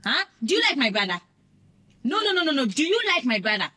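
An actress playing an exasperated young sister who stammers and repeats herself. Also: female voice, high-pitched, sing-song, quick pace, bright, forceful tone, exaggerated voice. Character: young woman, an indignant, flustered sister.

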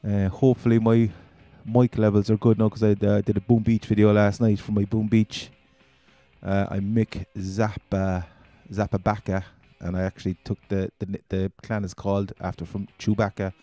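Rambling, low-voiced Cork man. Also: level tone, moderate pace, dark tone, dry recording, faint music behind. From Ireland. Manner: rambling, chatty, easygoing. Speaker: gaming channel host. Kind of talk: casual gaming commentary.

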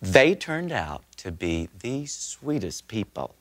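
A comedian performing a one-man stage show, telling stories in a theatrical, animated way. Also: lowish voice, slow, no echo.

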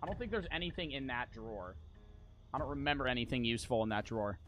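A man's voice: medium pitch, lively intonation, fast, a bit bright, highs cut off, faint music behind. A man streaming a game live, cursing in frustration and talking to his chat. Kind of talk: live gameplay commentary.

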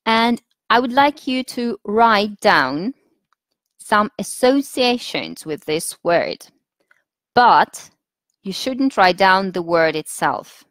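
A woman with a Russian accent runs a teachers' webinar at an unhurried pace, giving instructions patiently and pausing with fillers to collect her thoughts. Her voice sits at a middle pitch. The sound is dry and close, with no room echo. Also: expressive, fairly bright tone. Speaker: teacher trainer.

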